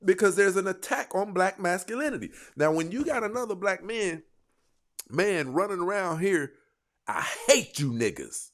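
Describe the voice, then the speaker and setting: An emphatic man hosts a casual talk show, pressing his points hard. His voice sits a bit high for a man and swings widely in pitch as he gets worked up. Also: normal speed. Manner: animated, emphatic, calls listeners bro. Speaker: podcast host.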